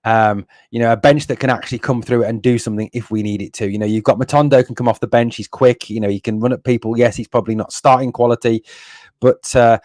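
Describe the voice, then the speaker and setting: A man's voice: medium pitch, steady tone, fast talker, darkish tone, no echo. Blunt, exasperated man ranting on a stream. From northeast England. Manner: blunt and exasperated, swears, repeats himself; reads out viewer comments. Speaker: fan channel host. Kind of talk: live stream fan rant.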